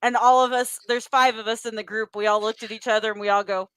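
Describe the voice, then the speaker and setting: A woman's voice: on the high side, steady tone, fast, fairly bright tone, smooth, no echo. A woman co-hosting a casual podcast, chatting and laughing between phrases. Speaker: podcast co-host.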